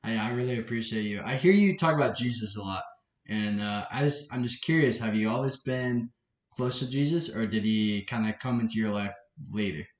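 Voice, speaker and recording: A man's voice: lowish voice, brisk. A man hosting a podcast, talking in an earnest, thoughtful way. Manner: earnest, thoughtful, with many affirming yeahs. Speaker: podcast host. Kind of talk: casual interview chat. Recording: echoey room with faint background noise.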